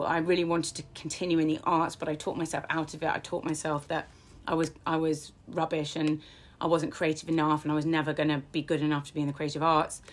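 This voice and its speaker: A woman telling her personal story as an interview guest, frank and self-deprecating, her pace swinging between slow and quick. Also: deep voice, a bit bright.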